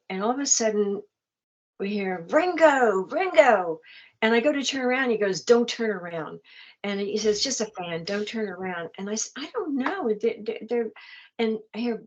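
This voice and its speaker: A woman's voice: mid-range voice, dull audio. An older woman, a guest in a casual chat, telling anecdotes with laughter. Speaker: interview guest. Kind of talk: casual storytelling.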